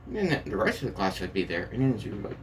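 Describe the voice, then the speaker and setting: A man improvises a fan story aloud, rambling and restarting with constant casual fillers. His voice sits low. A faint hiss runs under the recording. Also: very animated, fast. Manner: rambling, full of "and yeah, like" fillers.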